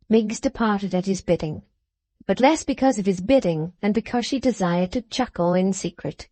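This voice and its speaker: A woman's voice: medium pitch, moderate pace, dark tone, no echo. Woman narrating a classic novel. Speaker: audiobook narrator.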